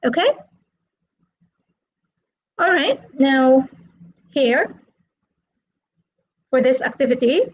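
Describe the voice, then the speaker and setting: A female teacher walks through a lesson at an unhurried pace, speaking a little above the usual pitch for a woman. She sounds patient, saying each word again so listeners can echo it back. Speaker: English teacher. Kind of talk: slow classroom explanation with repetition drills.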